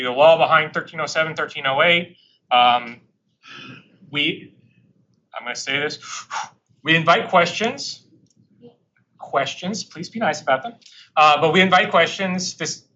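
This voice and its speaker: A man's voice: medium pitch, sharp tone, lo-fi sound, a little hiss or hum. A man presenting to a live audience of lawyers, conversational and emphatic, with frequent fillers and side remarks. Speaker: government attorney presenting to bankruptcy practitioners. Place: courtroom or meeting room.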